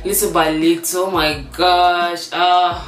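A woman's voice: lowish voice, level tone, takes it slowly, soft background music. Chatty Nigerian woman vlogger, roomy sound. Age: 20s. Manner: chatty, playful, rambling with fillers. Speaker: YouTuber. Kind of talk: casual vlog chat.

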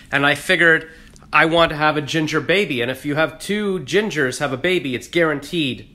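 A man's voice: mid-range voice, pushed and bright. A man rambling through a jokey, self-deprecating casual vlog. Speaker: vlogger.

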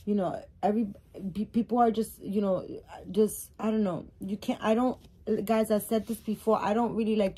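A woman's voice: medium pitch, dark tone, husky. A woman doll collector vlogging casually as she unboxes a new doll, rambling and emotional as she gushes over it.

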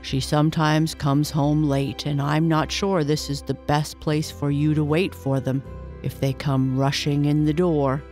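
A big, gentle male dog from a bedtime storybook speaks slowly and kindly, as a woman puts him on. The voice sits low and unhurried. Soft music plays faintly behind. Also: flat delivery.

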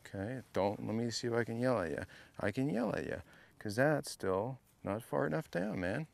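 A man's voice: mid-range voice, lively intonation, normal speed, gravelly, no echo. A man coaching a student through a golf lesson, playful and teasing, repeating short drill cues over and over. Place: golf academy practice area.

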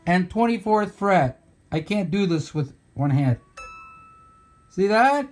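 A guitar builder filming himself with a handheld camera, talking sarcastically and ranting in mock bitterness. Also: male voice, high-pitched, animated, slow. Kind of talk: sarcastic workshop vlog. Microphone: handheld camera mic.

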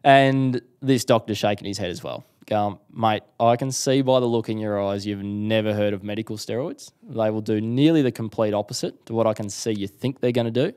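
A man's voice: fairly low pitch, a little fast, hardly any pauses, clear, resonant tone. A young Australian man telling a personal story in a casual interview, acting out what people said. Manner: animated storyteller acting out quotes. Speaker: guest.

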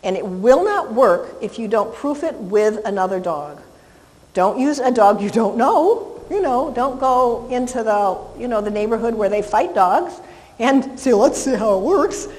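A woman dog trainer teaching a live class, chatty and animated, cooing softly when she praises a dog. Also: a little high, unhurried. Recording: long hall reverb.

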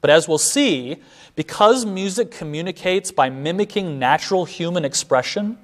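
Man, lecturer, classroom lecture, measured explanatory delivery, slightly high voice. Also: animated. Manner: measured, explanatory, asks rhetorical "right?".

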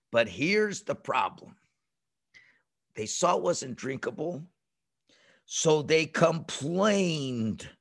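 Over a video call, a man with a high-sitting, gravelly voice teaches a children's religious class. He tells the story animatedly and acts out the characters' voices.

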